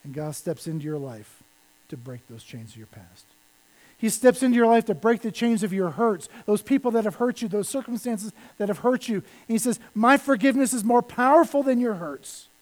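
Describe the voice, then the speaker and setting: A male pastor preaching a sermon, animated, with lines that fall to a hush. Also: high voice, a little fast, poor audio. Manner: animated preaching that drops to soft, hushed lines.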